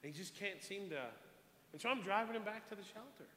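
A man preaching a sermon, telling a story in an animated way and repeating words as he goes. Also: high-pitched, quick pace. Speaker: pastor. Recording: echoey hall, long reverb, faint hiss.

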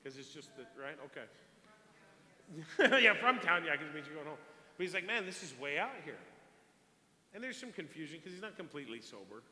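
A man with a fairly high, sharp, forceful voice preaches and tells a story, animated and repeating himself as the thought comes. His voice rings through a big echoey hall with a long reverb tail and faint hiss behind it. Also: fairly quick. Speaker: pastor. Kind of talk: sermon with storytelling.

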